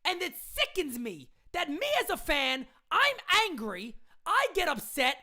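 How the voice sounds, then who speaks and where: A woman ranting loudly and indignantly into a phone camera, repeating her points as a sports fan. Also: sits high, huge pitch swings, a little slow. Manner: loud, indignant, repetitive ranting. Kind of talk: live rant into a phone camera.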